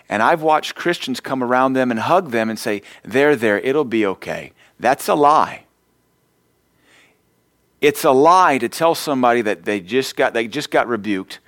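A man's voice: mid-range voice, no room sound, clean studio sound. A middle-aged man preaching a sermon as pastor, emphatic, quoting scripture.

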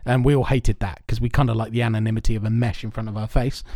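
A man's voice: on the low side, fairly even intonation, quick pace, dark tone, no room sound, studio quality. A man hosting a podcast, rambling through his stories with plenty of swearing, amused at himself. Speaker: podcast host. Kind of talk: casual chat.

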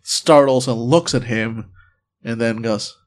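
A man narrating a tabletop game as game master, halting often with fillers and restarts. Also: mid-range voice.

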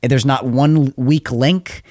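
A man's voice: medium pitch, steady tone, takes it slowly, darkish tone, dry recording, clean studio sound. A man co-hosting a casual film podcast, blunt, laughing often and swearing. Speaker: podcast co-host.

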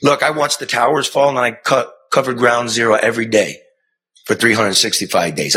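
A middle-aged man, a former TV news reporter, telling a personal story in an earnest, conversational way, moving from hushed to impassioned. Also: lowish voice, moderate pace. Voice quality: raspy. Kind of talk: earnest spoken storytelling and banter.

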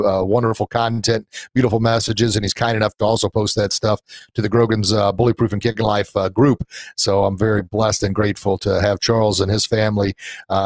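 A man's voice: on the low side, no room sound. A middle-aged man hosting a live-streamed podcast, talking earnestly and sentimentally, rambling with many fillers and restarts. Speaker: podcast host and anti-bullying coach.

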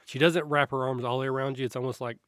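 A man's voice: medium pitch, fairly even intonation, racing, a bit bright, dry recording, studio quality. Rambling male game master. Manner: loose, rambling description with many restarts. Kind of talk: narrating a tabletop game.

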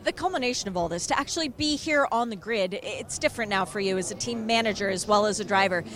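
A woman reporting live from the pit lane and interviewing a driver, upbeat and animated. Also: medium pitch, fast, crowd noise. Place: outdoors on a racing grid.

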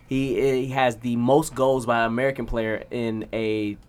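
A man co-hosting a casual sports chat, loose and excitable, swearing and laughing often. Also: medium pitch, moderate pace, smooth. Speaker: podcast co-host.

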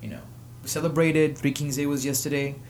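A man hosting his own show, giving personal commentary with emotion, pausing often and rising to indignation. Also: a little high, fairly even intonation, darkish tone, slight background noise. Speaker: podcast host.

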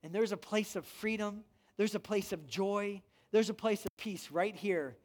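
A man's voice: high voice, moderate pace. A man pastor preaching a sermon to a room, emphatic and full of rhetorical questions. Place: church room with an audience.

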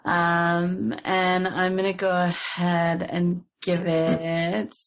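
A woman's voice: fairly low pitch, monotone, very slow, a little hiss or hum. A woman co-hosting a casual podcast chat, enthusiastic and giggly. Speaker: podcast co-host.

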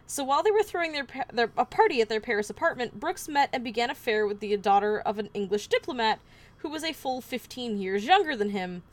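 A woman's voice: fairly high pitch, lively intonation, fast talker. A woman podcast host telling a true-crime story in casual chat, wry with offhand asides.

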